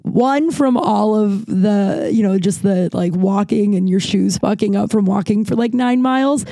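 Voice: mid-range voice, measured pace, gravelly, dark tone, no echo. A podcast host telling a travel story in a casual, rambling way, full of restarts and filler words, swearing freely.

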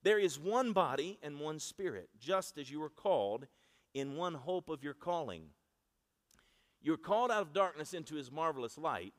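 A man preaching a sermon in a conversational, storytelling way, asking the congregation to repeat after him. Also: on the high side. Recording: long reverb of a large hall.

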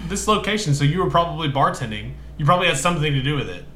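A man's voice: a little high, expressive, rapid-fire, bright, forceful tone. A man co-hosting a casual podcast, rambling through a story with many fillers and restarts. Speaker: podcast co-host. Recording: echoey room with faint noise.

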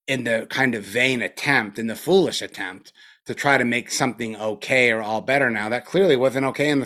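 A man's voice: lowish voice, a bit bright. A middle-aged man giving a casual dharma talk as a meditation teacher, loose and profane, with many fillers, a little spaced out after a retreat.

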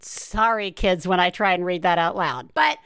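Bubbly, clear-voiced woman host. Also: lowish voice, fairly bright tone, dry recording, clean studio sound. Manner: bubbly, quick to laugh, chatty. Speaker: interview host; parent. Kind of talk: casual interview chat.

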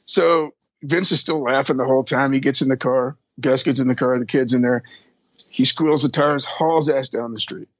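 Husky man telling rambling road stories. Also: medium pitch, fairly even intonation, moderate pace, no echo. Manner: profane, rambling, lots of fillers. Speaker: interview guest. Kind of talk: casual storytelling.

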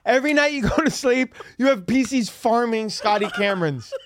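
A young man hosting a podcast, loud and excitable, swearing often in casual banter. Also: very high-pitched, brisk, slight background noise. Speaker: comedian and podcast host.

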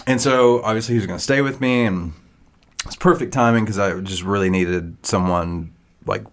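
A man's voice: on the low side, normal speed. A man co-hosting a podcast, chatting casually in a laid-back, jokey way and telling a rambling story. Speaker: podcast co-host. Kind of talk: casual chat.

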